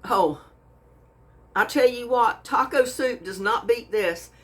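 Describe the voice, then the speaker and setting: A woman from Texas hosts her own cooking channel, taste-testing her food and gushing in a folksy way, saying y'all a lot in this casual vlog. Her pitch is fairly high and she takes it slowly.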